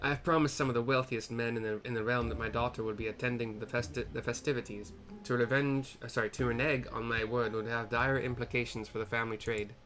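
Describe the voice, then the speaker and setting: A haughty, self-important merchant with a loose Irish lilt, put on by a man narrating a game cutscene. He speaks in a dismissive tone, at a middling pitch, with soft music underneath. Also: steady tone, quick pace, close to an everyday voice. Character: pompous wealthy male merchant, small and protective.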